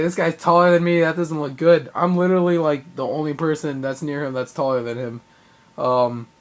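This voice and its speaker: A young man talks through a live event he went to in a loose, rambling way. He gets excitable, stacks up fillers and slips into acted-out quotes as he goes. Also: fairly high pitch. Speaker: vlogger. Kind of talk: casual recap of a live event.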